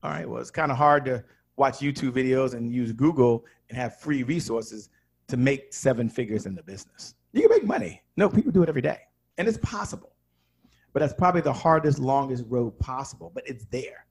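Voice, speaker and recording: A man coaching on sales as a podcast guest, emphatic and animated, acting out little dialogues. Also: medium pitch, brisk, gravelly, breathy edge.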